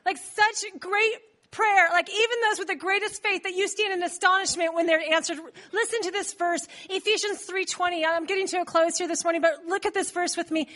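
A woman preaching a sermon in church, animated, telling the story with laughs and acted-out voices. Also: extremely high pitch, a little fast, few pauses.

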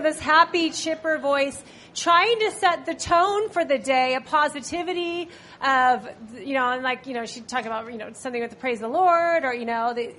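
A woman's voice: on the high side, steady tone, a little fast, a bit bright. A young woman pastor speaking casually to her congregation, full of "you know" fillers, then leading prayer. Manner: chatty, upbeat, many "you know" fillers. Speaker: pastor leading a church service. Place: church sanctuary with congregation. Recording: congregation sounds and faint noise.

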